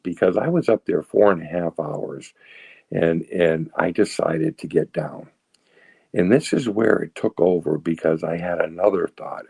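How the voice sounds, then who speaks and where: A man's voice: low-pitched, gravelly, darkish tone, breathy edge, no echo. A man, telling his recovery story in a rambling way and tagging lines with "right?" and "you know". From south of Boston, Massachusetts. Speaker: recovery speaker.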